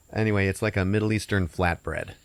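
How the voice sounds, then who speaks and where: A man hosting a podcast, casually recapping a movie with an animated, profane delivery and frequent laughs. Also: fairly low pitch, normal speed, no echo. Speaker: podcast host.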